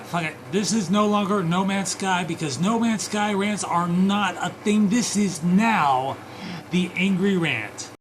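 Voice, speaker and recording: A man's voice: sits high, background noise. A man streaming alone, swearing and ranting in angry bursts and muttering to himself between them. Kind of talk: profane ranting stream chat.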